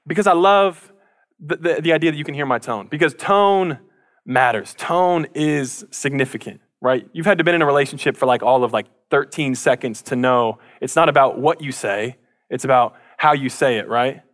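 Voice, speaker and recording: A man's voice: mid-range voice, normal speed. Chatty joking pastor, man. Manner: conversational, jokey, animated impressions. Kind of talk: casual sermon.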